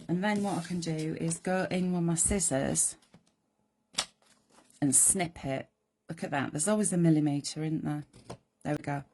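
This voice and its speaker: A woman with a croaky voice hosting a live card-making demonstration, chatting in rambling asides to her viewers. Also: deep voice, a little slow, long pauses, mellow, slight background noise. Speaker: crafting host.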